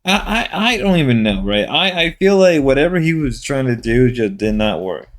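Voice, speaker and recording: A man's voice: mid-range voice, big pitch swings, moderate pace. A man streamer giving casual commentary on clips, rambling and incredulous, repeating himself.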